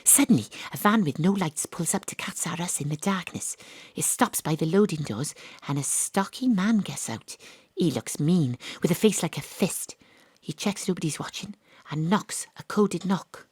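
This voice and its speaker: A brisk female sleuth tells her own story in a radio drama. Her voice sits low and a little husky, and it often sinks to a hush. The sound is close and dry. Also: lively intonation, no room sound. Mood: narrating. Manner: hushed, secretive narration. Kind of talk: first-person radio drama narration. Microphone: home studio mic.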